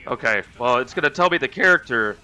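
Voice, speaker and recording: A man's voice: medium pitch, lively intonation, quick pace, sharp tone. A young man streaming a game, chatting casually and answering viewers' messages as he plays. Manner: chatty, reads and answers live chat. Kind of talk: casual chat while gaming.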